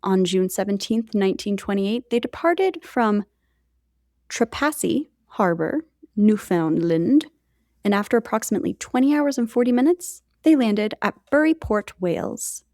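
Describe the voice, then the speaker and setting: A woman's voice: mid-range voice, animated, normal speed, mellow, no room sound, clean studio sound. A woman co-hosting a podcast, telling a history story in a chatty way with jokey asides to her co-host.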